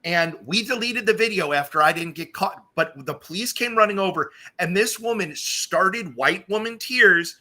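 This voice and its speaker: A man hosting a casual live stream, telling stories with lively acted-out quotes. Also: high voice, moderate pace, few pauses. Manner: animated storytelling, acts out quoted voices. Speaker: streamer host.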